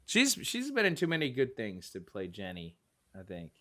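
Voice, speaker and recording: A man co-hosting a casual movie chat, animated and joking, acting out lines from scenes. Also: mid-range voice, normal speed. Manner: animated, acts out quotes in funny voices. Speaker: podcast co-host.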